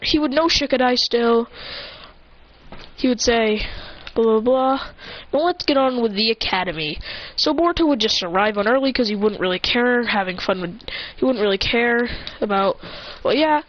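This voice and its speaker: A woman improvises a fan-fiction tale in a loose, rambling way, stopping to correct herself and toss in asides. Her voice sits a little high. The recording is somewhat dull and lo-fi. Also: moderate pace. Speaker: fan storyteller.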